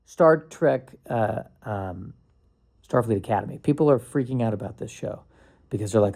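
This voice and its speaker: A man's voice: on the low side, lively intonation, normal speed, creaky, darkish tone. A man hosting his own podcast, rambling casually with sarcasm, restarts and bursts of mock panic. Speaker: podcast host.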